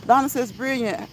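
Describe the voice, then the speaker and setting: A woman's voice: high voice, a little hiss or hum, low-quality recording. A woman, chatting casually on a livestream, reading viewer comments, laughing often and repeating phrases for emphasis. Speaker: host. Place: outdoors while walking.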